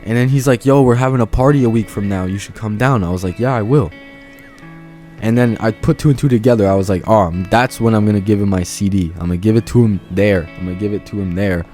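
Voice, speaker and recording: A rambling young amateur rapper, played by a man, talks in a loose, slangy, digressive flow. The voice sits low and mellow. Soft guitar music plays faintly behind him. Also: quick pace, close to an everyday voice. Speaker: aspiring musician. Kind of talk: rambling off-script monologue to camera.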